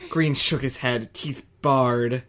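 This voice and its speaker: A man's voice: medium pitch, steady tone, slow, fairly bright tone. A man reading fan fiction aloud with a playful, joking manner.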